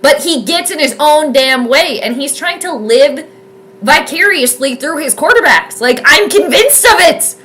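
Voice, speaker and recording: A woman giving chatty, excitable live commentary on a football game from home, rambling with lots of fillers. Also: high-pitched, measured pace. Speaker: sports streamer doing live game commentary.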